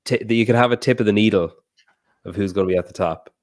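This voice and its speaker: A man's voice: fairly low pitch, fast talker, dry recording, studio quality. A man with an Irish accent from the north of Ireland, co-hosting a podcast in a loose, swearing, casual chat. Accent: Irish, Donegal area. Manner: laid-back, swears freely, trails off and restarts. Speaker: podcast co-host.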